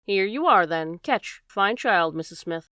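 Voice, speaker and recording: A woman voicing a shrewd, measured male detective in an audiobook. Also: mid-range voice, lively intonation, no room sound, studio quality. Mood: calm. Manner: measured, courteous, quietly strategic. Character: cool, shrewd male detective, polite and probing.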